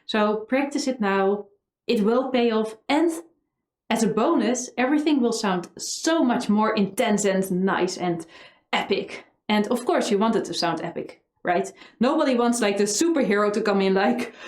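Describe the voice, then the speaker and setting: A woman teaching a violin lesson, chanting practice rhythms slowly and coaxing students in a playful, encouraging way. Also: medium pitch, expressive, darkish tone. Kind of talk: online music lesson. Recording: roomy echo, violin music behind.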